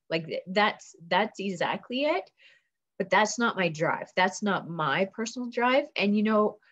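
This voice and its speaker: A woman giving a motivational coaching talk on a video call, earnest and rambling with many fillers. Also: mid-range voice. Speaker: team leader coaching on a business call. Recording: dull lo-fi call audio.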